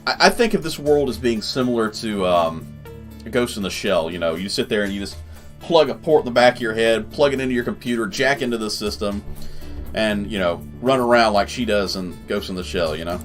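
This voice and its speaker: A man's voice: on the low side, a little fast, soft background music. A man hosting a casual let's play, rambling chattily between reading the game's text aloud. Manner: rambling and chatty, full of fillers.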